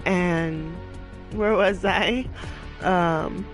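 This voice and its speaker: A woman's voice: lowish voice, fairly even intonation, very slow, soft background music, low-quality recording. A young woman gaming vlogger venting casually while she plays, talking emotionally and rambling with lots of "like" fillers.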